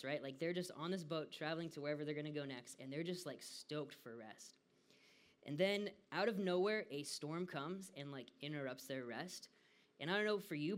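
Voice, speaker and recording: A young man from the United States gives a relaxed devotional talk. He sounds chatty and laid-back, with lots of fillers and a slightly high voice. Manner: casual and chatty, frequent "like" fillers, laughs often.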